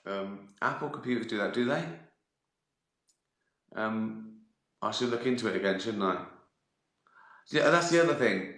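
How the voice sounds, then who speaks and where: A man's voice: fairly low pitch, expressive, a little slow, long pauses, a bit bright. A man chatting casually to viewers on a livestream, rambling and self-mocking, wandering off on tangents. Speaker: comedian chatting live to viewers. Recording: roomy echoey room.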